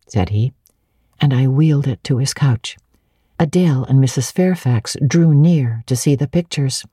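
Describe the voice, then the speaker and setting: A woman giving a dramatic reading of a classic novel, narrating in the first person in a measured way. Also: extremely low pitch, warm tone, slightly rough, no room sound, clean studio sound. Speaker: reader.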